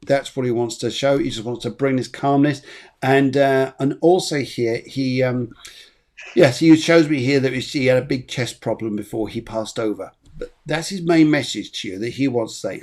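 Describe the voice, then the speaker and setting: Male medium, reassuring, mid-pitched voice. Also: normal speed, a little mellow. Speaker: medium, host. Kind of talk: psychic reading.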